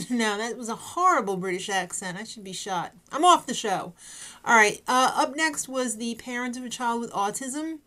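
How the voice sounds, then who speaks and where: A woman talks her way through a casual recap, tossing in sarcastic asides and frequent "uh"s. Her voice sits a little high. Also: animated, moderate pace, bright, forceful tone. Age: adult parent. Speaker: recap vlogger.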